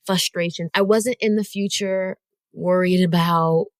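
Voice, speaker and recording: A woman hosting a solo podcast, telling a story in an animated, conversational way and talking straight to her listeners. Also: fairly low pitch, unhurried, no echo. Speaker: podcast host.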